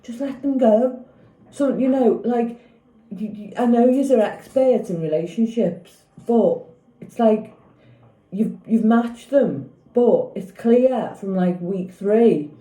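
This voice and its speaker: Rambling fifty-something woman, dark mellow voice. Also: on the high side, slow pace. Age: 50s. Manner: rambling, opinionated, keeps asking "do you know what I mean". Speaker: vlogger. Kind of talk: casual opinion chat about a TV show. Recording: echoey room.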